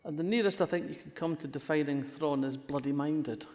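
A woman's voice: low-pitched, a little fast, warm tone. An older woman from Fife with a Scottish accent, telling wry anecdotes as an interview guest, often restarting her sentences. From Scotland, Fife. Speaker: guest, crime writer. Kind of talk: conversational interview. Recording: long reverberant hall sound.

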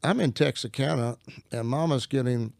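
A middle-aged Christian minister speaks as an interview guest in a medium-pitched, creaky voice with a darkish tone and no echo, at a moderate pace. He tells his stories in an earnest, folksy way, often restarting his sentences in conversational storytelling.

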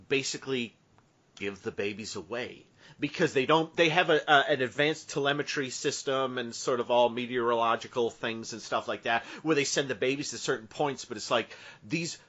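Podcast dude rambling thru a goofy made up plot, mid voice, dull lo-fi sound. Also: male voice, medium pitch, a bit bright. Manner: playful, meandering storytelling with many asides. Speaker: podcast host. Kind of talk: casual podcast banter.

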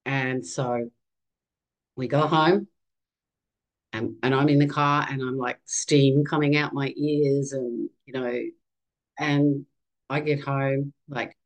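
A woman's voice: very deep voice, slow, long pauses, poor audio. Candid Australian woman telling her story. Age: 50s. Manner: candid and animated. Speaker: guest. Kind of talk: conversational storytelling.

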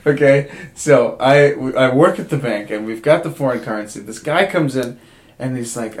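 A man's voice: mid-range voice, a little fast. A man in his twenties chatting casually as a podcast co-host, telling stories with lots of laughter and swearing. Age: 20s. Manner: animated storyteller, laughs often, swears freely. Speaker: bank teller. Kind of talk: casual chat.

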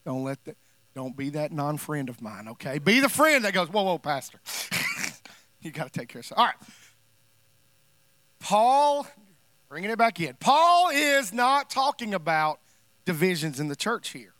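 Male pastor, sermon, high voice, dry close sound, conversational, emphatic. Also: sing-song, unhurried, long pauses, fairly bright tone, no room sound. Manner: conversational, emphatic preaching with playful asides.

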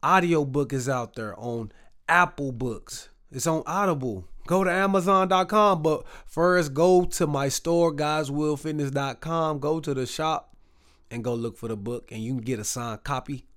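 A man's voice: on the high side, a little slow, a bit bright. A man from Texas with a Southern accent, hosting a casual solo podcast in a chatty, repetitive, hyped-up way. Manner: chatty, repetitive, hype call-and-response phrasing. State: recovering from a rough voice. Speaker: podcast host.

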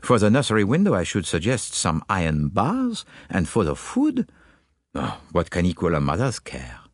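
Male narrator doing a fussy Belgian detective, courtly, low and lively, audiobook. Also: normal speed, dry recording, clean studio sound, exaggerated voice. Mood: dismissive. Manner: precise, courtly, mildly amused. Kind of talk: audiobook character voicing.

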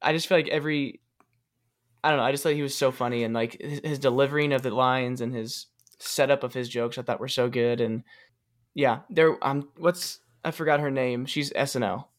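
A man co-hosting a casual podcast movie discussion, talking haltingly with many ums and restarts. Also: medium pitch, fairly even intonation. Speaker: podcast co-host.

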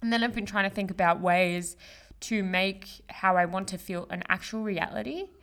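Speaking at a moderate pace, this podcast host has a medium-pitched voice that's a bit bright, clear and resonant. She's a young woman delivering a casual motivational monologue on her solo show, chatty and full of slang, fillers and swearing.

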